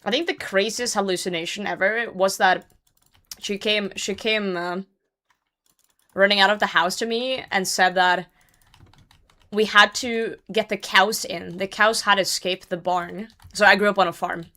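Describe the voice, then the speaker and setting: A woman's voice: medium pitch, steady tone, unhurried, bright, forceful tone. Chatty young woman streaming a game. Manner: chatty, swearing, laughing often. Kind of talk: casual chat while gaming.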